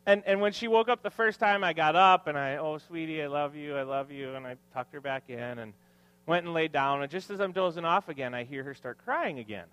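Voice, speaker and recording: This pastor, a man in his thirties, speaks quickly and expressively in a slightly high, fairly bright voice with no room sound. Addressing his congregation in a church hall, he mixes Bible passages with self-mocking family tales told for laughs.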